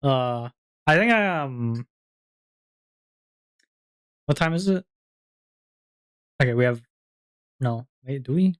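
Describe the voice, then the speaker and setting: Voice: medium pitch, lively intonation, slow pace, long pauses. Giggly, rambling streamer. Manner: rambling, giggly, lots of fillers. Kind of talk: casual stream chat.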